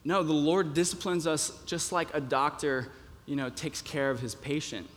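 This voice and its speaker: A man's voice: fairly high pitch, steady tone, moderate pace, a bit bright. Man preaching with hall reverb. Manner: conversational, with many fillers and restarts. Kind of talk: sermon.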